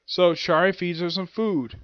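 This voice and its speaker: A man's voice: sits high, fairly even intonation, unhurried, dry recording, highs cut off. A man reviewing an anime and manga chapter in a casual, rambling way, stopping to hunt for names and acting out the characters' lines.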